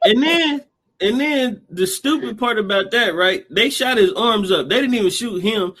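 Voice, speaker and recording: Animated, high-voiced slangy man. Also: moderate pace. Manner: animated, slangy, mock-outraged. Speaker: podcast co-host. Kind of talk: casual chat.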